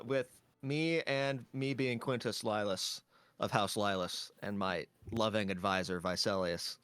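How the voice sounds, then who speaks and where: A man's voice: on the low side, a bit bright, clean tone, no echo. A man, a tabletop game player, casually recapping a session in a rambling way with lots of fillers.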